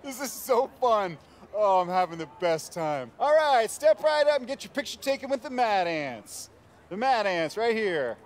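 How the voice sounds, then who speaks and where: A man's voice: sits high, big pitch swings, normal speed. An actor playing a goofy, relentlessly upbeat male basketball coach in a video game. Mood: forced cheer. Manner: forced cheerfulness, jokey.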